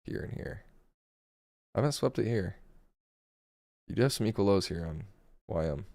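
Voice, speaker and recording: A man talks through his live trades in a relaxed, thinking-aloud way. His voice sits low and has a rough, gravelly edge, and it sounds worn and hoarse. The sound is dry and close, with no room echo. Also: normal speed. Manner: casual, thinking aloud over charts. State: hoarse, voice going. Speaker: day trading streamer. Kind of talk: live trading commentary.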